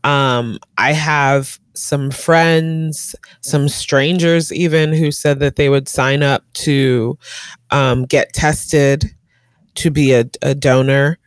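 Low-voiced woman chatting over a video call. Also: fairly even intonation, slow pace, clear, resonant tone, no echo, clean studio sound. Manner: rambling, filler-heavy, laughs often. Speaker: guest in a conversation. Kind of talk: casual chat.

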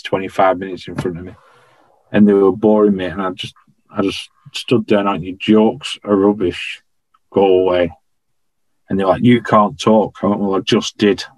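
A man tells anecdotes in a relaxed, chatty way, full of regional turns of phrase. His voice sits fairly low. The sound is dry and close, with little room around it. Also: no room sound, low-quality recording. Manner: chatty anecdotal, dialect grammar like "I was stood". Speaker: podcast guest, former royal guardsman. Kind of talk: casual storytelling.

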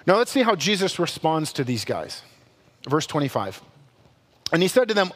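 A man preaching a sermon with a notably high voice for a man, and his words ring out with a long reverb, as if filling a church hall. He keeps it conversational and animated, slipping in playful asides and correcting himself with humor. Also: normal speed, pauses often. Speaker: pastor.

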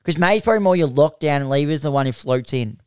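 An Australian man co-hosts a rowdy football podcast. He talks very fast in a smooth, clear voice that sits a little high, always ready to poke fun at his mates. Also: expressive, a little mellow, no room sound, clean studio sound. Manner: quick, needling, laughs at others. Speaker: podcast co-host. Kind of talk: casual podcast banter about football.

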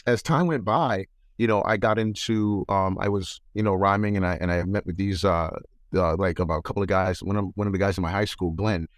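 A lower-voiced man, recounting his start in entertainment in a relaxed interview. He talks animatedly and slips into impressions of people in his stories. The recording is dry and close. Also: brisk, dry recording. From New York. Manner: animated, mimics voices in anecdotes. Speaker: guest entertainer. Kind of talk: casual interview storytelling.

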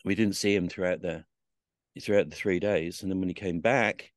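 Low-voiced man telling war stories. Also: steady tone, moderate pace, dry recording, clean studio sound. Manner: swears freely, acts out quoted voices; rambling, many fillers and restarts. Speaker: podcast guest. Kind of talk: telling stories from his past in an interview.

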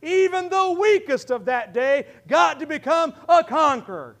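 A pastor with a Midwestern American accent preaching a fervent sermon, often breaking into shouts and calling out to his congregation. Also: extremely high pitch, animated, a little slow.

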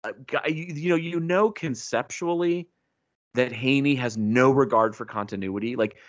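A man co-hosting a casual comic book podcast, laughing often and acting out quoted dialogue with animated delivery. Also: mid-range voice, moderate pace, dull audio. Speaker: podcast co-host.

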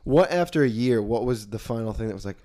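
A man's voice: mid-range voice, expressive, quick pace, warm tone. A man co-hosting a podcast in casual chat, joking and riffing, acting out little scenes. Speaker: podcast co-host.

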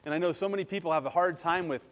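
A male pastor giving a lively sermon, acting out quotes and then leading a prayer. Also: on the high side, very fast, long reverb tail. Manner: animated, acts out quotes and leads prayer.

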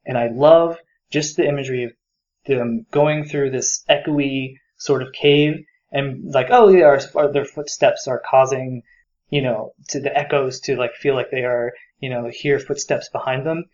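A man's voice: mid-range voice, fairly even intonation, normal speed, darkish tone, lo-fi sound. A man co-hosting a podcast, talking enthusiastically about a book and rambling with many fillers. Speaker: podcast co-host. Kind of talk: casual book discussion.

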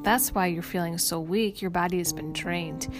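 A woman voicing a kind female doctor who speaks softly and soothingly, calling her patient dear and honey, in a story read over music. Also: lowish voice, fairly even intonation, normal speed, natural voice. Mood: gently reassuring. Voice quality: soft, gentle. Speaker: hospital doctor. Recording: music playing underneath.

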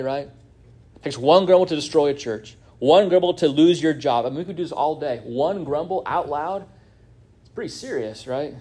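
A man's voice: fairly high pitch, a little mellow. A man with a Midwestern American accent preaching a sermon as pastor, conversational, often checking in with "right?".

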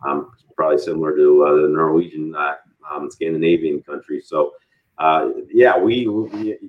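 A man's voice: rumbling low, fairly even intonation, normal speed. A company leader answering an interview question, a man rambling with many hesitations. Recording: tinny phone-like audio.

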